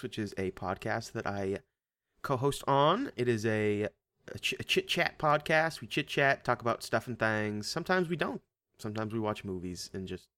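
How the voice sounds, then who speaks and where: A man's voice: fairly low pitch, fairly bright tone, no room sound. A man co-hosting a movie podcast in casual, joking chat. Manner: playful, jokey, hams up place names with put-on accents. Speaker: podcast co-host.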